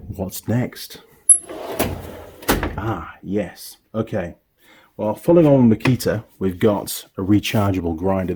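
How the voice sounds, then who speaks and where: A middle-aged UK man, a mechanic and workshop YouTuber, casually shows off his tools in his home workshop. His fairly low voice rambles and corrects itself over heavy background noise.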